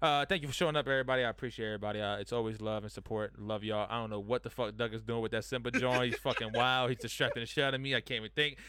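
A man's voice: medium pitch, steady tone, very fast, hardly any pauses, noisy background. A man hosting a casual podcast chat with friends, loose and joking, laughing often. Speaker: podcast host. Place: studio room with several guests.

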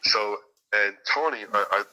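A male music producer and guitarist chats in an interview, telling long stories. His voice sits a bit low but carries a sharp, bright edge. He rambles, restarts sentences and leans on fillers. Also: a little slow, a little hiss or hum, poor audio. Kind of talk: casual interview chat.

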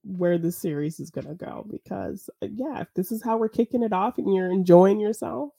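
A woman's voice: medium pitch, normal speed, gravelly, warm tone, no echo. A woman co-hosting a podcast, chatting casually, giggly and teasing. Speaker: podcast co-host. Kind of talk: casual chat.

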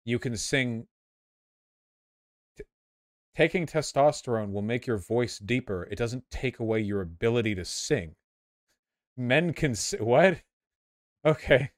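A man's voice: medium pitch, lively intonation, no room sound. Dry sarcastic male streamer. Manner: sarcastic, quick reactive asides. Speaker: streamer reacting to clips. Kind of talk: casual commentary.

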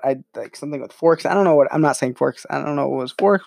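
A man's voice: medium pitch, fairly even intonation, fairly quick, vocal fry, darkish tone, no room sound, studio quality. A young man hosting a casual educational talk, rambling and self-reflective with many fillers. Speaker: channel host.

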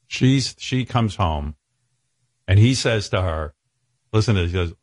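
A man's voice: lowish voice, expressive, measured pace, pauses often, darkish tone. A man telling a crude, graphic comic story on a talk show, rambling and chuckling as he goes.

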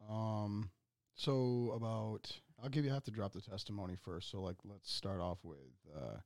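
Low, gravelly podcast guest. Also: male voice, a little mellow, no echo, clean studio sound. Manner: earnest, halting, careful, lots of ums. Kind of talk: casual podcast chat.

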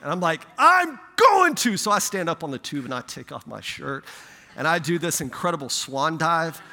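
A man preaching as a pastor, telling a lively personal story in a sermon, growing loud and excited. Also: a little high, fairly quick, vocal fry, in a large hall, slight background noise. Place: church sanctuary.

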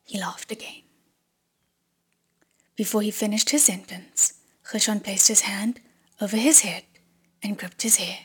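Breathy woman narrating an audiobook. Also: medium pitch, steady tone, a little slow, long pauses. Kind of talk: scripted narration.

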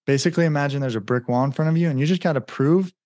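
A man's voice: on the high side, racing, a little mellow, dry recording, highs cut off. A man talking as a podcast guest, telling a personal story in an earnest, casual way, with many "like" fillers and acted-out bits of remembered dialogue.

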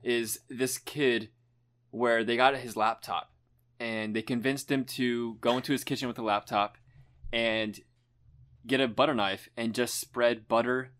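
A young man co-hosting a casual chat, relaxed, chiming in and retelling stories. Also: medium pitch, a little slow. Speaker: podcast co-host.

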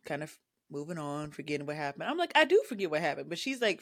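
A woman co-hosting a podcast in casual chat, animated and acting out the things people say. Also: sits low, fast. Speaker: podcast co-host.

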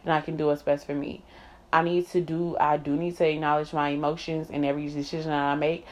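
A woman's voice: low voice, level tone, fast. A woman talking candidly and emphatically to camera in a personal vlog, swearing freely and laughing often. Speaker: vlogger. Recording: slightly dull lo-fi sound.

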